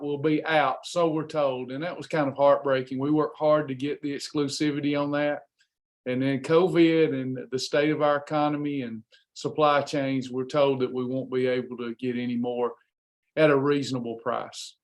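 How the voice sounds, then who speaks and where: A man's voice: medium pitch, level tone, normal speed. A man coaching weight loss on a live stream, chatting casually and greeting viewers by name in an upbeat, folksy way.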